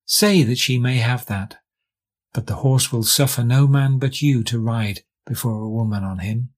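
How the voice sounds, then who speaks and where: A man voicing a wise, calm magical male black horse in a storybook reading, speaking low, steady and reassuring. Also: moderate pace, natural voice.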